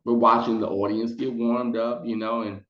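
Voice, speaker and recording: A man telling a casual storytime to his viewers, chatty and animated, slipping into high put-on voices when quoting people. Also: normal speed, reverberant, highs cut off. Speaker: storytelling vlogger.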